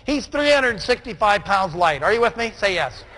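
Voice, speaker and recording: A man giving a motivational speech to a live audience, often shouting and calling for responses. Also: high voice, big pitch swings, moderate pace, very noisy. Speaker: motivational speaker.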